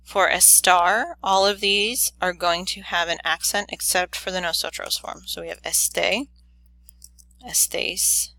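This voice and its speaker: Woman teacher, low-ish voice, unhurried methodical delivery, dry close sound. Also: dry recording. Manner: methodical, steady step-by-step explaining; corrects own slips quickly. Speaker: Spanish teacher. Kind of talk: recorded grammar lesson.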